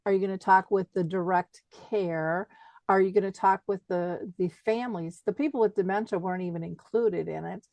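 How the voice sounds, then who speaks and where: A middle-aged woman hosting a podcast interview, talking in a casual, expressive way and laughing easily. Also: medium pitch, brisk, gravelly, no echo, muffled recording. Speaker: podcast host.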